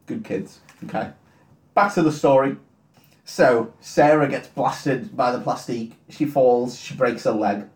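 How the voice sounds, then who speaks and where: A man's voice: medium pitch, a little slow, darkish tone. A young man co-hosting a comedy podcast, retelling a film in a rambling, profane way with mock quotes. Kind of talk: crude comedic film recap. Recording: roomy echo.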